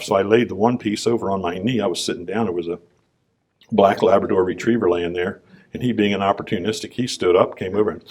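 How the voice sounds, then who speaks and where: A man, a business owner, giving a conversational personal testimony talk on a conference stage, clearing his throat now and then. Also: on the low side, a little mellow.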